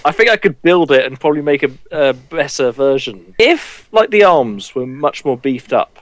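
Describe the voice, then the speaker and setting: A man's voice: on the high side, expressive, moderate pace, dry recording. A man making wry jokes as a guest in a casual group chat. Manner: wry, joking. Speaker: podcast guest.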